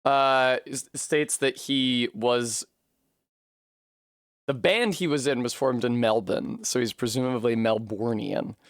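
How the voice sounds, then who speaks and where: A man streaming a game live, animated and swearing freely between bursts of laughter. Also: medium pitch, slow pace, no echo, clean studio sound. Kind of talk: live gameplay commentary.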